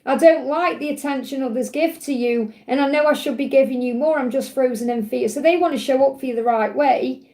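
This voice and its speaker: A woman with a croaky voice giving a live tarot reading in a soothing, reassuring way. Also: high-pitched, a little fast, hardly any pauses, a little mellow. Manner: soothing, reassuring, repeats key phrases. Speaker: tarot reader.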